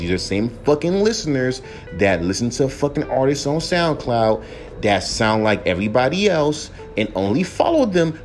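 A young man rants on his own podcast, swearing freely and hammering the same points over and over. His pitch swings widely as he heats up. Faint music plays under his voice. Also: a little mellow. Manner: heated, profane, repetitive emphasis. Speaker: podcast host, rapper. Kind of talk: profane solo rant.

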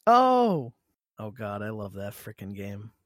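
A man's voice: fairly low pitch, wildly swooping pitch, slow, dry recording, studio quality. Giggly rambling podcast guy. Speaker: podcast co-host. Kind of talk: casual chat.

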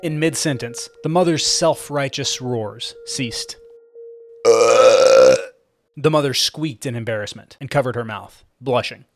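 A man narrating a comic fiction audiobook in an expressive storytelling manner. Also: medium pitch, a little slow, dry recording, studio quality.

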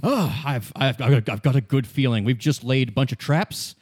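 A man's voice: medium pitch, normal speed, a little mellow, breathy edge, lightly acted. A man voicing a cheerful, fussy old male scientist who stammers, in a tabletop role-play. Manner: chipper, stammering.

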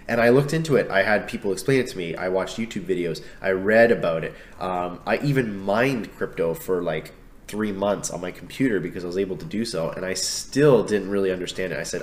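Man, deepish voice, podcast co-host, chatty storyteller. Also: fairly quick. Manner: lively storyteller, acts out friends' lines. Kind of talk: casual anecdotal chat.

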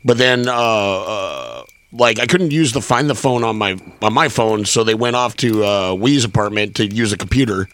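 A man's voice: fairly low pitch, moderate pace, hardly any pauses, fairly bright tone. A man casually co-telling a bar story, wryly adding corrections and details. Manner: wry, chiming in with corrections.

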